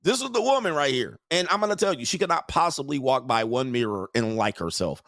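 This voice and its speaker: A man hosts a livestream rant in a crude, mocking way and breaks into laughter often. His voice sits at an ordinary middle pitch. The sound is dry and close, with no room echo. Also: lively intonation, quick pace, creaky, fairly bright tone. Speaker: show host.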